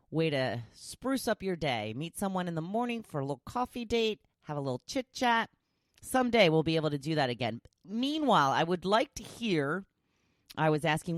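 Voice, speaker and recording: A low-voiced woman talks through a casual solo episode of her own podcast, recorded cleanly in a studio with no room sound. Chatty and self-mocking, she jokes and laughs at herself, then moves into warm encouragement and motivation.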